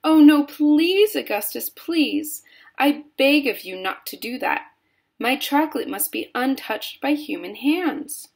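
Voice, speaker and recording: A woman voicing an excitable, fussy candy maker man who pleads in a high, frantic voice while reading a storybook aloud. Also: takes it slowly, vocal fry, full character voice. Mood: pleading.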